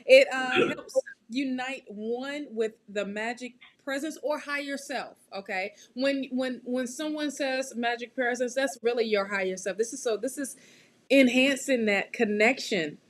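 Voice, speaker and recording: High-voiced, slow-talking woman tarot reader. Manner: chatty, laughing, keeps checking in with "okay?". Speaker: tarot reader and show host. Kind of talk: live tarot reading stream.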